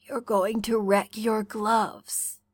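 A woman's voice: medium pitch, drawn-out words, dry recording. Woman reading as a tearful prickly young troll. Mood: subdued. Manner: shaky, choked, snappish.

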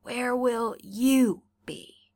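Brief: woman voicing a feverish young male troll, choked and snappish, slightly high, slow, dry close sound. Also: a little mellow, no room sound, full character voice. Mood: subdued. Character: sick, tearful, prickly young male troll.

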